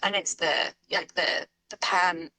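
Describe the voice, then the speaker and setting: Bright-voiced woman rambling on a podcast, lots of like, dry sound. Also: lowish voice, fairly even intonation, unhurried, dry recording, rough recording. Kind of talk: casual chat.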